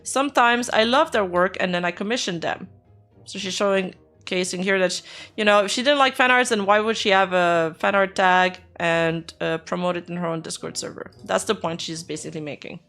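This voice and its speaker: A woman's voice: fairly low pitch, steady tone, a little fast, fairly bright tone, faint music behind. A woman streamer casually reacting to news, reading posts aloud and chatting with her viewers. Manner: chatty, answers chat, reads text aloud.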